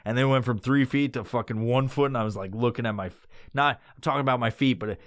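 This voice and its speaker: A man in his thirties, a podcast host, telling a rambling, profane story in casual talk and breaking into loud high-pitched voices when he quotes someone. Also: quick pace, no room sound, studio quality.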